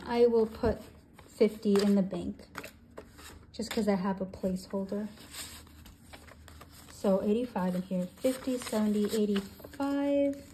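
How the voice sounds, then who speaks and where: A woman in her twenties, a budgeting channel host, counting cash aloud and thinking out loud as she sorts it. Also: medium pitch, slight background noise. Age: 20s. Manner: counts bills aloud in steady runs; thinks aloud, with soft hesitations.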